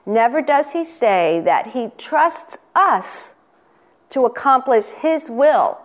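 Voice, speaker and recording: A woman delivers a devotional sermon at a slow, deliberate pace. Her voice sits a little high, and she speaks earnestly, stressing her points and turning to the listener with questions. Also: lively intonation. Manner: earnest, asks the listener questions, reads quotations; unhurried, emphatic. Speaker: Sunday school teacher giving a devotional.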